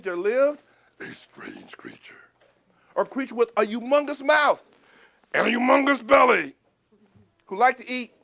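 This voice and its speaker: A man telling a folk tale to a live audience as a storyteller, expressive, swinging between booming shouts and hushed asides and asking the listeners questions.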